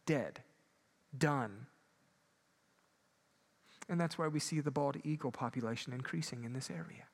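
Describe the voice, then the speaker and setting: A man preaching a sermon, moving between loud emphatic peaks and quiet low asides. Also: a little slow, long pauses. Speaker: pastor.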